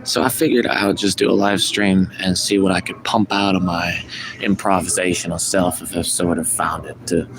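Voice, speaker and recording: A man's voice: low voice, flat delivery, moderate pace. Guy ranting on a live stream, swears a lot, noisy background with vehicle sounds. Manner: profane, ranting, self-help preaching. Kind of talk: rambling live stream monologue.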